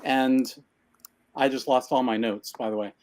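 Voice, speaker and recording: A man's voice: medium pitch, fairly even intonation, unhurried, a little mellow, slight background noise. A man co-hosting a live stream from his cluttered home office, out of breath and chatting in a rambling, self-deprecating way. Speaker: co-host of a live creative business show. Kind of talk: casual live-stream chat. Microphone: video call.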